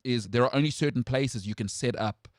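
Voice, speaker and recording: A man's voice: fairly quick, dry recording, clean studio sound. A man hosting a sports talk show, holding forth with strong opinions in casual chat. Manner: animated, jumps high in pitch when outraged.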